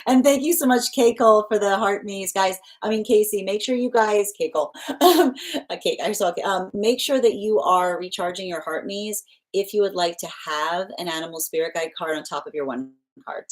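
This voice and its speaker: A woman hosting a tarot livestream in casual chat, reading out viewer comments and warmly thanking people by name. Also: medium pitch, moderate pace. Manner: chatty and affectionate, thanks viewers by name, laughs often.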